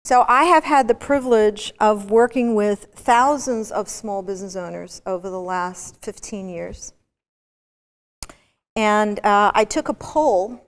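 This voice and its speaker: A woman's voice: mid-range voice, unhurried. A woman giving a university business lecture, telling stories with energy and throwing rhetorical questions at the audience. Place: large lecture hall. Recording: long reverb of a lecture hall.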